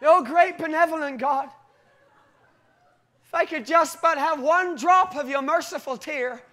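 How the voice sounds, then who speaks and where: A man's voice: very high voice, measured pace, bright, forceful tone, pitched above the performer's own voice, full character voice. A man voicing a timid worshipper who prays in ornate, groveling words.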